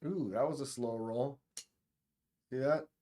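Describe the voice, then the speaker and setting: A man hosting a casual live stream, joking around and talking straight to his chat with quick exclamations. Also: medium pitch, dark tone. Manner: playful, joking, talks to chat directly; exclaims short interjections. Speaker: livestream host.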